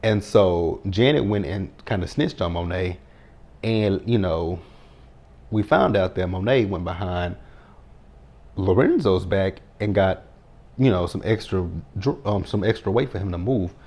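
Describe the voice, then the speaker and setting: A man's voice: low-pitched, expressive, a little slow, mellow. A man, recapping a TV episode in a blunt, sassy, profane casual chat. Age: 30s.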